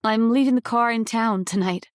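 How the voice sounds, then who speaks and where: A woman's voice: fairly high pitch, moderate pace, dry recording, lightly acted. A woman voicing a nervous young female visitor who talks in a flustered, hesitant way, in an audiobook. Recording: dry close studio sound.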